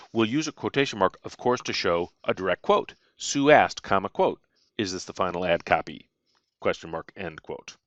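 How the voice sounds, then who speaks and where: A man's voice: lowish voice, fairly bright tone, no echo, dull audio. A man teaching punctuation in a recorded lecture, reading out example sentences along with their punctuation marks and stressing the rules. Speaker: writing instructor.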